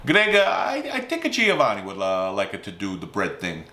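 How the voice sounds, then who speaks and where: A man putting on the voice of an older immigrant father, brusque and halting. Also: sits low, huge pitch swings, pushed and bright, echoey room, heavily acted. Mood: offhand.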